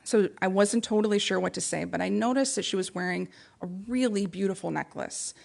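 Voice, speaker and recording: A woman's voice: medium pitch, fairly quick, creaky, darkish tone. A woman giving an earnest, reflective talk to a spiritual community, telling personal stories. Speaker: guest speaker.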